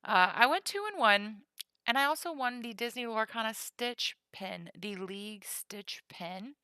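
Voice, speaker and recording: Chatty woman streamer, playful, bright voice, dry close sound. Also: a little high, expressive, a little slow, clean tone, no echo. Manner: chatty and playful, whispers while counting cards. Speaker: streamer cataloging trading cards. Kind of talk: casual live-stream chat.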